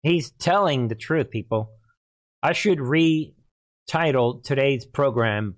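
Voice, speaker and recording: Excitable man hosting his channel. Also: mid-range voice, slow pace. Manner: excitable, keeps laughing, calls the audience "people", gets loud. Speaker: channel host. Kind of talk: solo commentary monologue.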